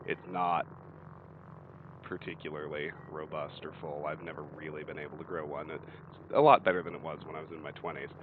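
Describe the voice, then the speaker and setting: Deep-voiced, wry game streamer man. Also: fairly quick, phone-quality sound. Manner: wry, joking, chatty. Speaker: let's play host. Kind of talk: casual gameplay commentary. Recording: steady background hiss.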